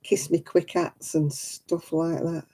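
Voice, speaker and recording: A woman's voice: sits low, level tone, slow pace, mellow, poor audio. A middle-aged woman, hosting a casual craft livestream, chatty and candid with frequent laughs. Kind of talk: casual live chat while knitting.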